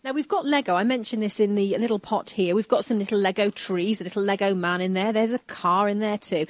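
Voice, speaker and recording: A woman's voice: medium pitch, brisk, no echo. A woman radio reporter interviewing on a university campus, chatty and full of "kind of" and "you know".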